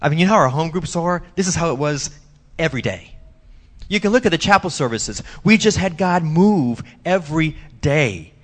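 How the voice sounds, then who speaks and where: Male pastor, somewhat high voice, emphatic storytelling sermon with loud and hushed swings. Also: lively intonation, moderate pace. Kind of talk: sermon testimony. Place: church.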